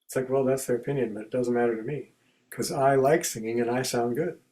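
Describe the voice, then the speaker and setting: A man giving a contemplative spiritual talk in a conversational way, acting out everyday examples as quoted speech and going soft and quiet on key phrases. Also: mid-range voice, a little fast, low-quality recording. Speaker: spiritual teacher and speaker.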